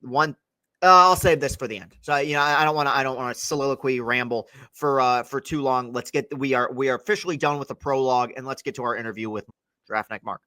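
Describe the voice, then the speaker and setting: Young male podcast host, bright forceful tone, dry close mic, wordy and self-correcting. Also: medium pitch, fast, dry recording. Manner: rambling, self-correcting, long wind-up questions. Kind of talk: casual interview podcast.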